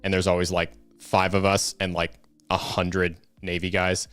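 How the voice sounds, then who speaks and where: Deep-voiced man telling a rambling story. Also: monotone, normal speed, fairly bright tone, smooth, dry recording, faint music behind. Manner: rambling storyteller, many fillers and restarts. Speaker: co-host. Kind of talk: casual live-stream chat.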